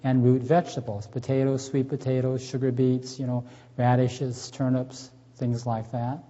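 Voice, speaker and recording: This mid-range, mellow male voice moves at normal speed with little pitch movement. A middle-aged man gives a folksy church health seminar to a live audience, questioning them and joking along the way, and the lo-fi recording is dull and reverberant.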